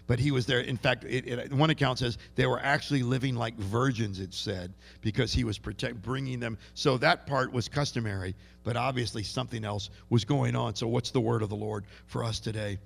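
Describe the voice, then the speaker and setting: Gravelly preacher in an echoing hall. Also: male voice, medium pitch, fairly even intonation, a little fast, few pauses. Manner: conversational, repeats words and restarts often. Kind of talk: sermon. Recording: long reverb of a large hall.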